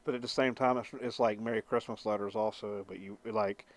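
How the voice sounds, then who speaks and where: A man's voice: lowish voice, steady tone, fairly quick. A young man vlogging in casual chat, rambling loosely, with lots of slang and swearing.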